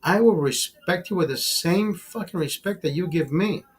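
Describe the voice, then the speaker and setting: Male livestream host, somewhat high voice, heated and profane, preachy. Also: normal speed, husky. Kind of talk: casual talk to a live chat.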